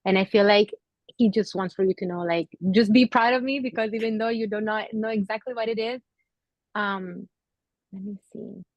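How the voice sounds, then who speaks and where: A woman giving a psychic reading to an audience member, speaking gently and hesitantly with many pauses and fillers, and getting emotional. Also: mid-range voice, fairly even intonation, no echo, highs cut off. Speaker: psychic medium.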